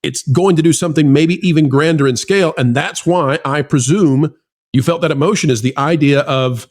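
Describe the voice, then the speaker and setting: A man hosting a talk show addresses his audience as folks with earnest, almost sermon-like conviction. His voice sits slightly high for a man. He builds his points with warm sincerity before handing off to his co-host. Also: moderate pace. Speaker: podcast host. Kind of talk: heartfelt talk-show commentary.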